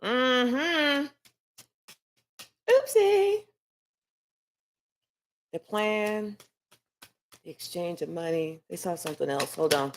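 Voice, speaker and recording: A woman's voice: mid-range voice, expressive, takes it slowly, pauses often. A woman giving a casual live tarot reading, talking in a rambling, chatty way and swearing freely. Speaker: tarot reader.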